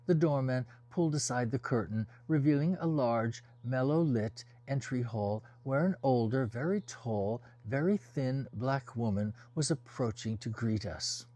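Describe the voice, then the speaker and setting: A man narrates a first-person novel as an audiobook, steady and descriptive. His voice sits at an ordinary middle pitch, and he lets each scene unfold at a measured pace. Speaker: audiobook reader.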